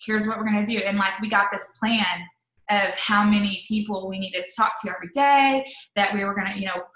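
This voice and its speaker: A woman in her thirties, an interview guest telling a personal story in a chatty, animated way. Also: mid-range voice, normal speed. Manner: chatty, animated, full of "like" and quoted asides. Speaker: network marketing leader, interview guest. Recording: echoey room.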